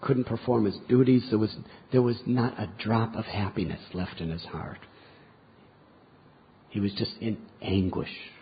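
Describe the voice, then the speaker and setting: A man's voice: lowish voice, fairly even intonation, measured pace, a little hiss or hum. A man giving a scripture lecture, retelling a story vividly and drawing moral lessons from it. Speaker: spiritual teacher. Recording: dull lo-fi lecture recording.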